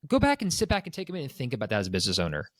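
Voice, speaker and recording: A man's voice: medium pitch, rapid-fire, no room sound. A man co-hosting a business podcast as a broker, chatting casually and acting out what clients say. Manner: animated, acts out clients' quotes.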